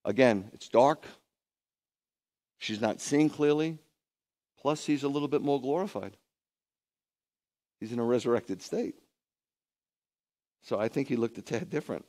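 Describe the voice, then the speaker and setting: A man, a rabbi, preaching a lively sermon full of rhetorical questions and conversational asides. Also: mid-range voice, a little slow, pauses often.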